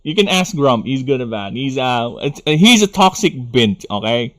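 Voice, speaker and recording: His voice is medium-pitched and fairly bright, swinging widely in pitch at a normal speed. He is a young man from the Philippines with a Filipino accent, rambling and swearing through live gaming stream chat and frequently going off on rants.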